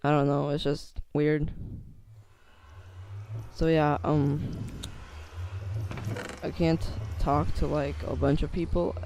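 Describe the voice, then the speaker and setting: Teen guy rambling in a vlog, lots of ums, gravelly and kinda mellow, voice cracks. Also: a little high, flat delivery, slow, long pauses, a little hiss or hum. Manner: hesitant, many fillers and restarts. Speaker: YouTuber. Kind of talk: casual vlog monologue.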